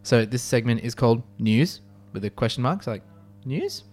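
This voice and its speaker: A man's voice: mid-range voice, brisk, a little mellow, faint music behind. A man co-hosting a student radio show, chatting casually in a rambling way full of fillers. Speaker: radio co-host.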